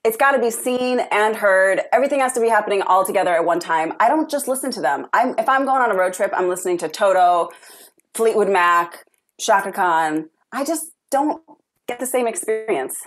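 Female guest, middle pitch, frank and animated, casual interview. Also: fairly quick. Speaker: interview guest, stage performer.

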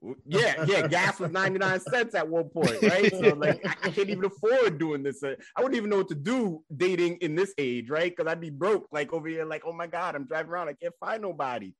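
A male podcast co-host tells stories in a laid-back, slangy way. His voice sits a little high, and the recording is dry and close. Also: brisk, few pauses, fairly bright tone, no room sound. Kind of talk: casual chat.

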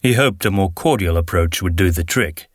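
Low-voiced man narrating a fantasy story. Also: dry recording, studio quality. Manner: steady, measured storytelling. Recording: narration with faint background music.

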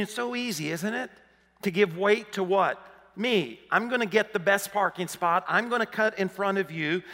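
A man in his fifties from Arkansas with a Southern accent, preaching a sermon, rising to emphatic questions and dropping low for personal stories. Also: bright, forceful tone, in a large hall. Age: 50s. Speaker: pastor. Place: large church hall.

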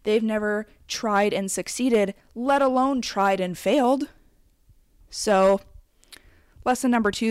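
A woman's voice: mid-range voice, smooth, no echo, clean studio sound. Blunt, foul-mouthed woman in her twenties. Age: 20s. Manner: blunt, profane and emphatic; conversational, with frequent asides. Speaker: vlogger. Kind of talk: candid advice rant to camera.

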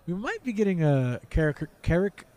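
A man's voice: sits high, very animated, moderate pace, darkish tone. A man co-hosting a podcast, chatting playfully and laughing often while at a fan convention. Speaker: podcast co-host. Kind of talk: casual chat at a fan convention.

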